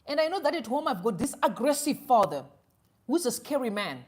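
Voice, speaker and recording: A woman hosts an opinionated live stream in a high, lively voice that swoops up and down. She tells stories by playing both sides of a conversation and drops Shona phrases into her English. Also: a little fast. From Zimbabwe. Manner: animated storytelling, acting out both sides of a conversation.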